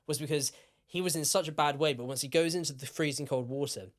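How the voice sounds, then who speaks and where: A man co-hosting a podcast, tipsy and telling a story in a lively, rambling way with plenty of swearing. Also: a little high, quick pace. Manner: animated, swearing, repeats himself. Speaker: podcast co-host. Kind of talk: casual storytelling chat.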